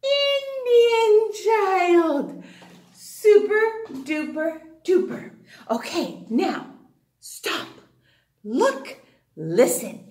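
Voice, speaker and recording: Speaking very slowly in a sing-song way, a woman with a high, lively voice leads a phonics lesson for young children. She encourages them warmly and gasps with delight when they answer, and the room carries a noticeable echo.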